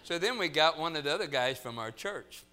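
A middle-aged man preaching a sermon, telling funny stories in an animated, joking manner. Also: fairly high pitch, a little fast, a little hiss or hum. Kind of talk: sermon with humorous storytelling.

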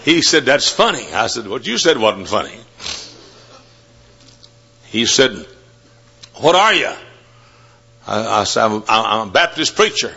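A man preaching a sermon, telling stories and rising to loud, fervent shouts. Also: fairly low pitch, big pitch swings, unhurried, vocal fry, long pauses, husky. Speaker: Baptist preacher. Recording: dull lo-fi sermon recording.

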